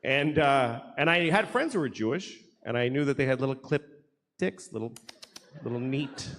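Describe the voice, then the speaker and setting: A man's voice: mid-range voice, expressive, moderate pace, a bit bright. A man doing a stand-up comedy set, rambling and sardonic, self-deprecating, with frequent restarts. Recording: live hall with audience noise.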